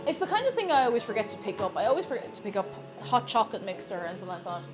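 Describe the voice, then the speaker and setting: This Irish streamer, medium-pitched, very animated and very fast, bakes at home with music in the background. She banters playfully with her viewers, teasing them and joking with chat as she works.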